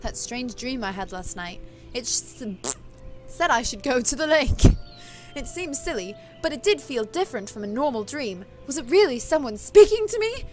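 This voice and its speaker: Lady reading as a sweet hopeful young heroine, soft and earnest, bit high. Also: sing-song, moderate pace, soft background music. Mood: dreamy. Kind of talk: reading a visual novel aloud.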